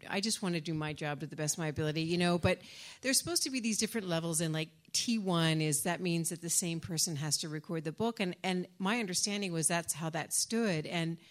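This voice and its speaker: A woman's voice: fairly low pitch, a little fast. A woman with an Irish accent, an audiobook narrator answering audience questions in a chatty, laughing, rambling way with many restarts. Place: conference room with audience.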